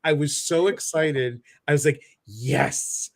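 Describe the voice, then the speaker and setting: A man's voice: mid-range voice, expressive, moderate pace. This is a chatty man with a Midwestern American accent hosting a live online show. He talks in an effusive, joking way and calls out viewers by name. His voice comes through a video-call mic. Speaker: host. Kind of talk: casual livestream chat.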